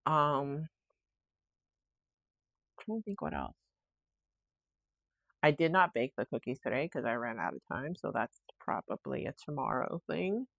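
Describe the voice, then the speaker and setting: A woman's voice: extremely low pitch, sing-song, unhurried, gravelly, pauses often, a bit bright, no room sound. A young woman hosting a solo podcast, rambling in a chatty, self-reflective way. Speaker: podcast host. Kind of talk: casual solo podcast chat.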